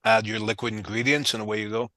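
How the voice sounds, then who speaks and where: A man from the United States with a bright, forceful voice chats on a stream with a dry, close sound. He is helpful and easygoing as he explains things. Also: fairly low pitch, flat delivery, fast, no echo. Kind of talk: casual online chat.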